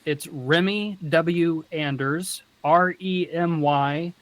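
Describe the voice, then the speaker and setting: Southern guy chatting on a podcast, kinda high voice, laughs a lot, faint background hum. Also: slow pace. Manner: animated, laughs often. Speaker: podcast guest. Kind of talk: casual chat.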